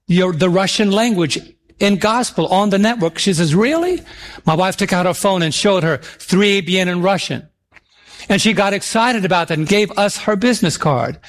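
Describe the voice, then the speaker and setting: A middle-aged man delivers a sermon in a notably high voice. He slows right down to draw out scripture verses with emphasis and prompts his listeners to respond. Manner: emphatic, drawn-out scripture reading; calls for audience responses. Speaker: preacher.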